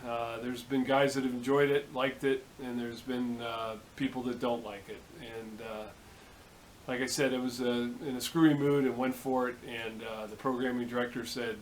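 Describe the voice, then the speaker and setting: A man's voice: medium pitch, little pitch movement, normal speed, poor audio. Easygoing male shop host, rambling delivery full of fillers, faint background hiss. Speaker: workshop video host. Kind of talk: casual rambling vlog talk. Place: home workshop.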